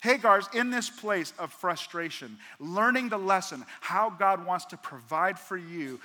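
Male pastor, sermon delivery, bright piercing tone, long church-hall echo. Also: high voice, unhurried. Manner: preaching with acted-out dialogue and rhetorical questions.

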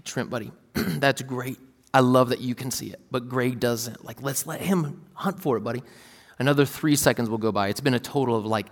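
Male pastor, 30s, relaxed storytelling sermon delivery, mid pitch, reverberant hall. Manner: casual, storytelling, acts out his kids' voices.

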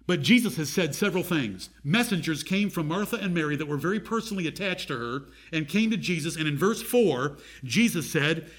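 A man's voice: a little high, lively intonation, brisk, hardly any pauses. A man preaching a sermon, reading scripture aloud and asking his listeners direct questions.

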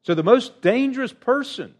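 A middle-aged man preaching a sermon, earnest and emphatic, with sudden rises in pitch and lines that trail off quietly. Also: animated, moderate pace.

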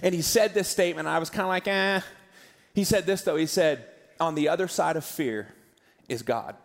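A man preaching in a large church hall, his voice a little high for a man. He talks in a loose, conversational way, turning emotional at times and slipping in jokes, and a long reverb trails behind every phrase. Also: fairly quick, vocal fry. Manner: conversational, emotional, jokey asides. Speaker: pastor. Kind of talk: sermon.

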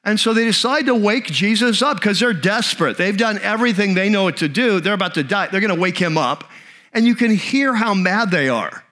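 A man preaching a sermon, telling a story in an animated, conversational way with frequent restarts. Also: high voice, brisk. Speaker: pastor.

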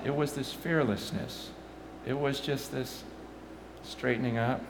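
Preaching man in his forties, animated, stammering restarts, mid-pitched, noisy background. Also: moderate pace, roomy sound. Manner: animated, rising loud when excited, stammering restarts. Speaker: pastor. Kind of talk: sermon.

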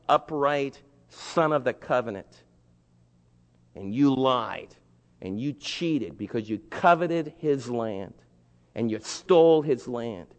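A man voicing a stern prophet who gravely accuses a king, lower and quieter than his own voice, in a large echoing hall.

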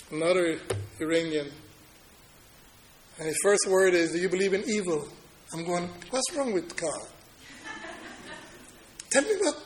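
A man preaching in a fairly high voice, spinning stories from his own life. He rises to loud declarations and then drops into soft, confiding telling. A faint noise sits under the recording. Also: low-quality recording. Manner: storytelling preacher, swings from loud declaring to low quiet telling. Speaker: pastor. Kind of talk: sermon.

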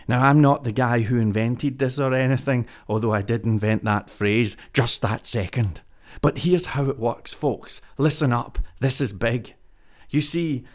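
A man talking straight to his viewers in a casual vlog, pitching an idea like a salesman and repeating phrases for emphasis. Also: darkish tone. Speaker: web business vlogger. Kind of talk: energetic casual monologue to camera.

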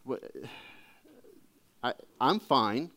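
A man's voice: medium pitch, lively intonation, very slow, pushed and bright. A man preaching a sermon in a conversational, humorous storytelling way. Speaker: pastor.

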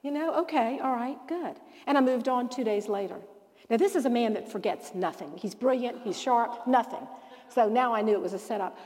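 A woman with a fairly high voice leads a Bible lesson in a preaching style and tells her stories with animation. She acts out the dialogue for her listeners. Her voice rings with the long reverb of a large hall. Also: fairly quick. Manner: animated storyteller who acts out quoted dialogue. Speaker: Bible study teacher.

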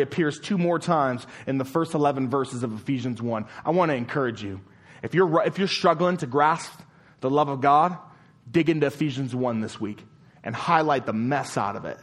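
Preaching with a fairly high pitch, this male pastor keeps asking rhetorical questions. When he wants to stress a point, his voice becomes quiet and slow.

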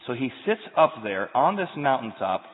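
Animated male preacher in a hall. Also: mid-range voice, moderate pace. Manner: animated storytelling, shifts from loud to quiet. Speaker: pastor. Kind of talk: sermon. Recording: tinny sound, long hall reverb.

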